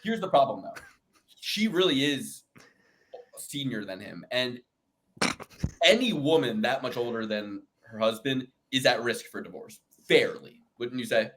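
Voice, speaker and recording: A young man co-hosting a podcast, animated and joking, swearing freely while making fight picks. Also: mid-range voice, a little slow, a little hiss or hum. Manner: animated, joking, swears, does mock voices. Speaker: podcast co-host. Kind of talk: casual chat, fight picks.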